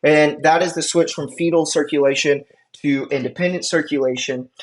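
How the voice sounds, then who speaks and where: An instructor lectures an EMT class in a relaxed, conversational way, with a voice of ordinary middle pitch. The delivery wanders into asides and keeps checking in with the listeners, and the speech is full of restarts. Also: normal speed. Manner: casual, chatty, checks in with listeners.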